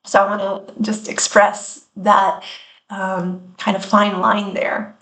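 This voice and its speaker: Woman host of a wellness podcast, earnest, thoughtful pauses, roomy echo. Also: mid-range voice, little pitch movement, a bit bright. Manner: earnest and reflective, with measured pauses.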